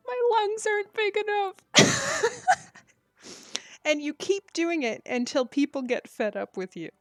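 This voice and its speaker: A woman's voice: high voice, wildly swooping pitch, unhurried, no echo, clean studio sound. A woman live-streaming a game, chatting casually with her viewers and laughing often between jokes. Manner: giggly, breaks into frequent laughter; chatty, jokey, talks to her chat. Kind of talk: casual live-stream chat while gaming.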